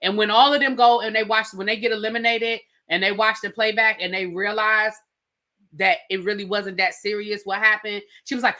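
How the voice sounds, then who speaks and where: Sassy, bright-voiced woman TV reviewer. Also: mid-range voice, fairly quick. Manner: animated, sassy, emphatic, addresses viewers directly. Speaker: TV show reviewer. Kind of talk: casual recap commentary.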